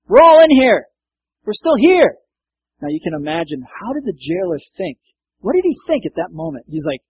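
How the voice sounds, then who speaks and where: A man's voice: fairly high pitch, dull audio, slight background noise. A man preaching a sermon in a conversational way, acting out quoted lines and laughing now and then. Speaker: pastor.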